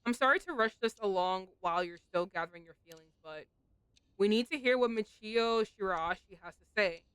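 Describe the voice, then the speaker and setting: A composed spirit expert, read by a woman in close to her own voice speaks in a measured, formal way. The delivery is calm and plain, as in a visual novel read aloud. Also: medium pitch, clear, resonant tone, no echo, natural voice, low-quality recording.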